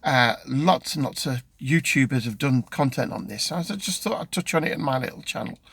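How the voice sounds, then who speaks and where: A man's voice: medium pitch, lively intonation, brisk, gravelly, a bit bright, breathy edge, no echo. A middle-aged man with a British accent, chatting casually in a vlog from his car. He rambles and restarts often, with plenty of ums. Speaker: vlogger. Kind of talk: casual chat.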